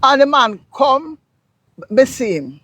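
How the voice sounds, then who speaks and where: A woman from Jamaica with a Jamaican accent, a guest explaining local words in a casual interview, telling stories in an animated, emphatic way. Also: high-pitched, takes it slowly, dry recording. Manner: animated storyteller, lively and emphatic.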